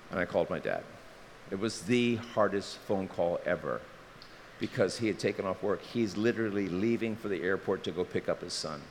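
A middle-aged man from Maryland preaching a sermon, an animated storyteller who tosses in joking asides. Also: low-pitched, normal speed. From Maryland, USA. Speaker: pastor. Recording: reverberant hall, faint hiss.

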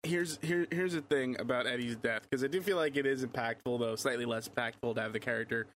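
A man's voice: mid-range voice, fast talker, a bit bright. A man co-hosting a casual podcast, full of absurd jokes and casual swearing. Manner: jokey, absurd humor, swears. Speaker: podcast co-host. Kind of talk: casual chat.

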